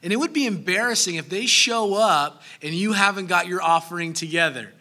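A man in his thirties preaching a sermon as pastor, animated, breaking into acted asides. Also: high voice, a little fast.

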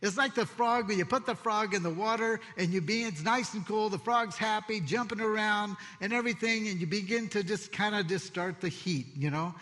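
A man preaching a sermon as pastor, expressive and conversational, telling stories with asides. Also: sits high, fairly quick, few pauses. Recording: long hall reverb.

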